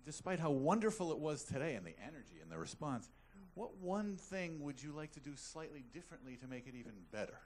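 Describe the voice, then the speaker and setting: A man running a group feedback session, brisk and upbeat as he calls on people. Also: on the high side, sing-song, a little mellow, a little hiss or hum. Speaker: workshop facilitator.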